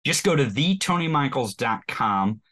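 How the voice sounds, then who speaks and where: A man's voice: mid-range voice, sing-song, moderate pace, bright, forceful tone. A man from Missouri with a rural Missouri accent, a podcast host guesting on an interview show, talking in a folksy, self-mocking way and often restarting his sentences. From Missouri, USA. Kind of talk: casual interview chat.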